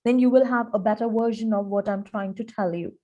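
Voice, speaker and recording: A woman's voice: mid-range voice, fairly even intonation, fairly quick, lo-fi sound. A woman with an Indian accent giving a personality-development webinar lecture, earnest and emphatic, acting out examples in dialogue. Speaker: professor giving a training webinar.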